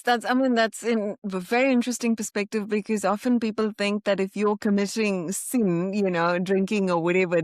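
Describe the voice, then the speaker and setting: A woman's voice: mid-range voice, no echo, clean studio sound. A woman hosting a podcast, asking interview questions and often affirming her guest. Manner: affirming, frequent agreeing. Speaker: podcast host.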